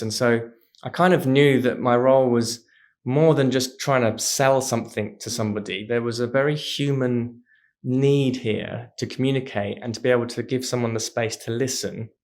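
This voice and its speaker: A man, a podcast guest telling stories in a casual, animated way. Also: mid-range voice. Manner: animated, acts out voices in anecdotes. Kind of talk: casual storytelling chat.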